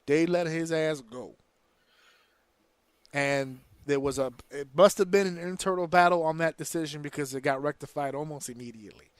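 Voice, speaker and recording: Recorded dry, a podcast host with a slightly high, smooth voice talks at a moderate pace. His casual wrestling commentary comes out as an angry, profane, slang-filled rant, with imitated voices mixed in.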